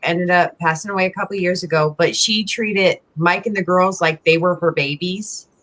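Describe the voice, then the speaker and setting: A woman's voice: lowish voice, normal speed, a bit bright, poor audio. A woman guest on a video call chat, telling a story and acting out what people said. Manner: storytelling, acts out voices in quotes. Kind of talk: casual chat.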